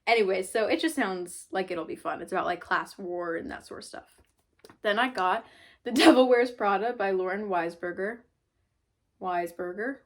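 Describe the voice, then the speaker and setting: A woman's voice: medium pitch, normal speed. A woman in her twenties chatting casually about books she bought, rambling with lots of "like" and "um". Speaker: book vlogger. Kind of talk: casual book haul chat.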